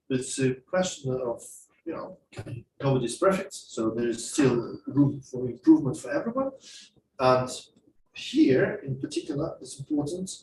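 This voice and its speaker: Lively man lecturing in an echoey room. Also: medium pitch, recorded from a distance, a little hiss or hum. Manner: lively, explanatory, acts out examples. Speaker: speaking skills trainer. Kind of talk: masterclass lecture. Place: classroom or lecture hall.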